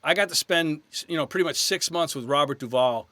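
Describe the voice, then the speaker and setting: Bright-voiced actor telling stories. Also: male voice, a little high, fairly quick, no room sound. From New York. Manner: animated anecdotes, slips into quoted voices. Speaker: actor guest. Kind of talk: casual interview storytelling.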